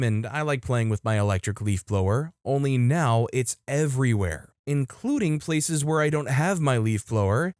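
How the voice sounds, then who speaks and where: A man hosting a story channel, reading posts aloud in a lively, playful way and voicing the quotes. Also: mid-range voice, smooth, dry recording, studio quality. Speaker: host and narrator. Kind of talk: reading online stories aloud.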